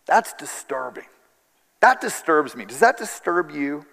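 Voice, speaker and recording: A man's voice: fairly high pitch, sing-song, measured pace, gravelly, fairly bright tone, big-room sound. A man telling a story in an earnest sermon, acting out the quoted dialogue.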